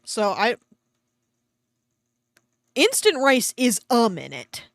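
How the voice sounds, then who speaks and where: A woman streamer reads a fan story aloud and mocks it with sarcastic asides, swearing freely and laughing often. Her voice sits fairly high and leaps around a lot. The sound is dry and close on a desk mic. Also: huge pitch swings, slow pace, fairly bright tone, no echo. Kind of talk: reading a fan story aloud with mocking commentary.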